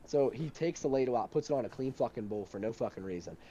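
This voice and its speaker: A young man telling a heated story in casual chat, animated and swearing a lot. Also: mid-range voice, fast talker, highs cut off, a little hiss or hum.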